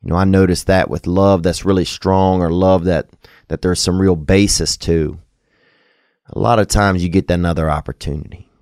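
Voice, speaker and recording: A man's voice: low-pitched, steady tone, moderate pace, darkish tone, no echo, clean studio sound. A man hosting a casual call-in podcast, rambling and joking crudely, then giving earnest advice. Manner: loose, rambling, crude jokes with sincere advice. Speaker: podcast host taking calls. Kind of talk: casual call-in show chat.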